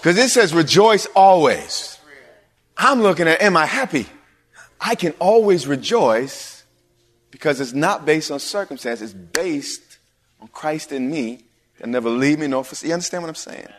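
A male pastor preaching a sermon in a church hall, animated, with sudden drops to a near-whisper. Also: a little high, moderate pace. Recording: long hall reverb.

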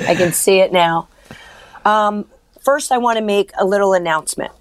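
A woman co-hosting a radio show, giving mortgage rates in a friendly, brisk way. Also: mid-range voice, slight background noise. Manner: friendly, reads out rates and phone numbers briskly. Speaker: mortgage lender and radio co-host. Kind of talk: casual radio talk.

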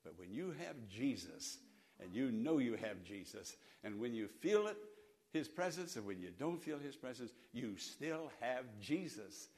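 A middle-aged male pastor preaches a sermon in an unhurried, sing-song voice. He repeats lines and leads the congregation in call-and-response, swinging between loud emphasis and soft, low passages.

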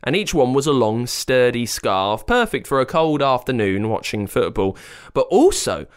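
Playful, animated man telling a story. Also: medium pitch, normal speed, clear, resonant tone. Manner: playful, expressive. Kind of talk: children's story narration.

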